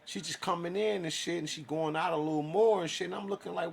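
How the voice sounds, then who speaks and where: A man's voice: on the high side, steady tone, quick pace, creaky, breathy edge. A man telling his own story in a casual, profane monologue, acting out his side of conversations.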